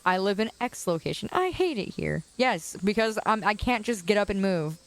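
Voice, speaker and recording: A young woman from the Chicago area chatting casually with her viewers as she livestreams from a quiet suburban curb outdoors, laughing often and answering comments. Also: medium pitch, animated, moderate pace.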